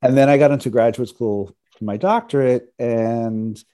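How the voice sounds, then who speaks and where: A man's voice: mid-range voice, normal speed, dark tone. A man from New York, an interview guest, telling personal stories in a casual, humorous way and acting out the voices of people he quotes. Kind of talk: casual storytelling.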